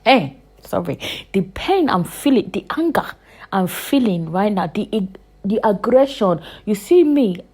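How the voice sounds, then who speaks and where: A woman's voice: mid-range voice, unhurried, breathy edge. Fired-up woman ranting, swearing. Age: 20s. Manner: heated, profane ranting with repetition; animated, swings between loud bursts and hushed asides. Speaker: podcast host. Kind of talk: casual podcast monologue.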